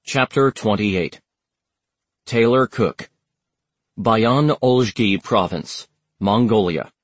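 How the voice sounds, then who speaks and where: Male audiobook narrator, husky and dry, steady measured read. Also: fairly low pitch, no echo. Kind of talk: scripted narration.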